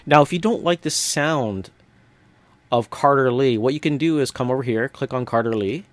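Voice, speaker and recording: A man calmly talking viewers through a software tutorial step by step, with casual fillers. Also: mid-range voice, normal speed, dry recording. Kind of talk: screen-recorded software walkthrough.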